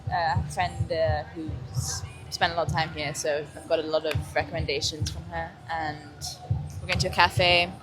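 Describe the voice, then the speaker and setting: A woman's voice: deep voice, little pitch movement, normal speed, music in the background. A woman sailor in a casual street interview, laughing often and swearing casually.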